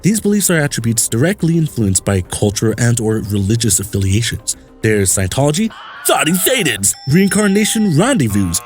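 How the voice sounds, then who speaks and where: A male podcast host talks his way through a loose, crude comedy monologue, wandering off on tangents. His pitch swings up and down lively, with a little music faint behind him. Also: moderate pace. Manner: rambling, crude and jokey, slipping into silly voices and laughs.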